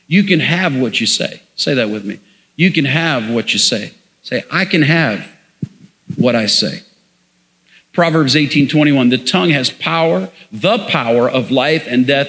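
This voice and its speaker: A man's voice: medium pitch, fairly bright tone, in a large hall. A man preaching a sermon as pastor, leading the congregation in call-and-response.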